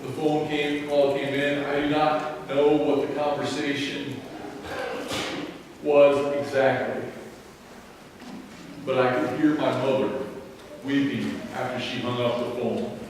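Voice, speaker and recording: A man's voice: mid-range voice, flat delivery, background noise. Man preaching in an echoey sanctuary. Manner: earnest storytelling, slow and deliberate. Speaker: pastor. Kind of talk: sermon. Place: church sanctuary. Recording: echoey sanctuary, mic at a distance.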